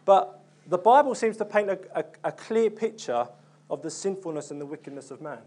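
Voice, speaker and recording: A man's voice: high-pitched, expressive, brisk, darkish tone, a little hiss or hum. Earnest young man preaching. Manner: earnest, conversational, with many ums and restarts. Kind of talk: sermon.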